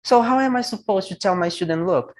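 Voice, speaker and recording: A man's voice: high-pitched, fairly quick, poor audio. A man from Brazil speaking English with a Brazilian Portuguese accent, an English teacher giving blunt, opinionated views in a casual conversation. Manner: blunt, opinionated, animated when making a point.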